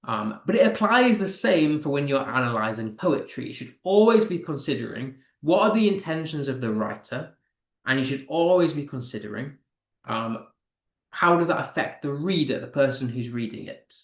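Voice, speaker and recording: A man's voice: medium pitch, lively intonation, roomy sound. A male English teacher giving an online poetry lesson, answering student comments and tapping out rhythms by stressing syllables. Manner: slow, stressed reading when tapping out poetic rhythm; talks to students reading comments aloud.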